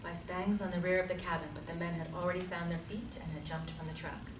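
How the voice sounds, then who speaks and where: A woman reading screenplay narration with a steady, descriptive delivery. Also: fairly low pitch, quick pace. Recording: echoey room from far off, noisy.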